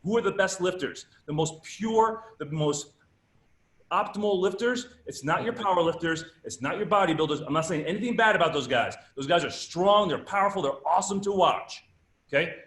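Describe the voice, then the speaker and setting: A man's voice: high-pitched, a bit bright, echoey room. A man giving a live workshop lecture at a fitness conference, emphatic and teaching with rhetorical questions.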